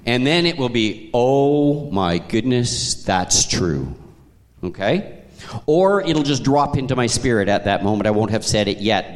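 A man preaching a sermon as a pastor, telling stories in a conversational way with chuckles. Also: on the low side. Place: church sanctuary. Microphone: handheld microphone. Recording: long hall reverb.

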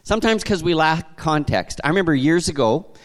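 Canadian pastor preaching conversationally. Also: male voice, fairly high pitch, a little fast. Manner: conversational, animated storytelling with frequent restarts. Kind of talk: sermon.

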